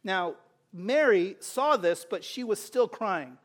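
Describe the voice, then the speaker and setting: A male preacher with a very high voice delivers an impassioned sermon. He swings between loud, urgent appeals and hushed, close asides. He keeps it conversational with frequent rhetorical questions. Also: expressive, takes it slowly.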